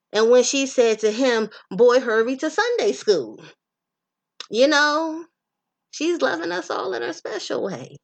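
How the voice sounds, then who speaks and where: A woman hosting a podcast, speaking in a casual, profane, animated monologue about relationships and addressing her listeners directly. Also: on the high side.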